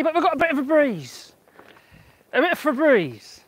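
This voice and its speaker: Pitched high with big swings in intonation, this vlogger speaks at a normal speed. Putting up a greenhouse in a blustery garden, they chat casually about the DIY job, muttering, cursing and laughing as they go.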